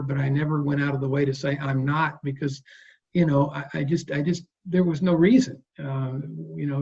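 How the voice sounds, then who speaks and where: Husky-voiced man in his sixties. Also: on the high side, dull audio. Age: 60s. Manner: relaxed, rambling anecdotes. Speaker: guest bass player. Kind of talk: interview storytelling.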